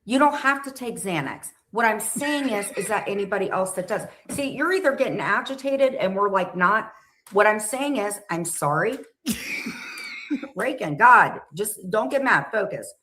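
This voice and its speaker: A woman's voice: medium pitch, expressive, unhurried, pushed and bright. A woman in a heated live-stream argument, pleading and calling people honey.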